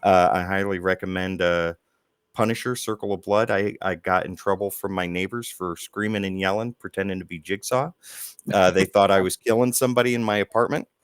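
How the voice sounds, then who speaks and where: A man co-hosting a podcast interview, chatting casually and quick to laugh and agree. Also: low voice, steady tone, clean tone, no echo. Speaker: podcast co-host.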